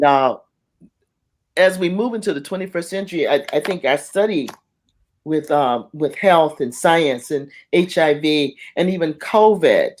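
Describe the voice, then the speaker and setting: Impassioned middle-aged speaker telling stories. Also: mid-range voice. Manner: impassioned, acts out quoted voices, frequent restarts. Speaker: arts facilitator on a panel. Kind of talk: panel talk, personal storytelling.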